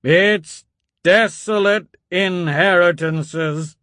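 A man's voice: lively intonation, slow pace, no echo, clean studio sound. A man doing a tearful, unhinged old priest. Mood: booming, preaching. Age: older. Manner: sniffling, broken, swings to booming preaching.

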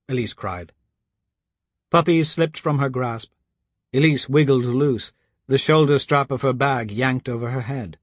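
A man reading a children's adventure story aloud in an even, steady storytelling manner. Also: medium pitch, a little slow, breathy edge, dry recording, clean studio sound. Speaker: narrator. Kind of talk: audiobook narration.

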